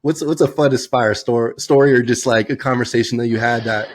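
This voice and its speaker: A man's voice: mid-range voice, fairly even intonation, fairly quick. A man hosting a casual interview, asking eager and encouraging questions. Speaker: podcast host.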